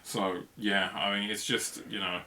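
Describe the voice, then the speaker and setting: A man's voice: lowish voice, flat delivery, a little slow, sharp tone. A man co-hosting a football review podcast, chatting casually and rambling with lots of fillers and laughs. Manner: rambling, filler-heavy, laughs mid-sentence.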